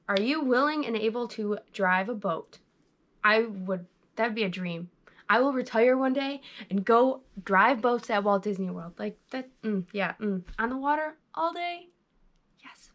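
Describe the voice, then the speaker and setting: A young adult woman with a medium-pitched, slightly bright voice gives chatty, bubbly interview tips to her viewers in a casual vlog. She records it on a GoPro camera.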